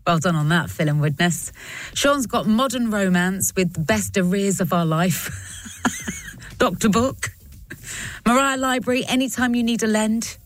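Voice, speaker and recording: A woman presenting on the radio, playfully reading out listener texts and reacting quickly, into a studio microphone. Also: medium pitch. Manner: lively, playful, reads out puns with quick reactions.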